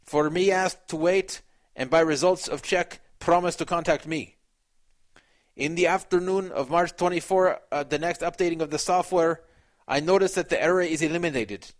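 A man's voice: fairly high pitch, normal speed, natural voice. A man voicing a Russian male poker player, reading out his forum post in a Russian accent with stilted, broken English. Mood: indignant.

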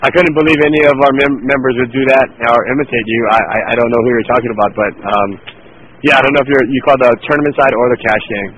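Polite, puzzled male phone staffer, quick talker, muffled line. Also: mid-range voice, a bit bright. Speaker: poker room staff answering the phone. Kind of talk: phone conversation. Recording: dull lo-fi phone audio with faint noise.

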